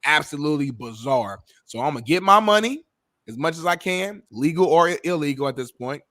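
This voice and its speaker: A man co-hosting a talk show with a slightly high voice. He lectures in an emphatic, preachy way, heavy on slang. The recording sounds dry and close. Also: expressive, brisk, sharp tone, dry recording. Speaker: co-host. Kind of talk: casual talk-show chat.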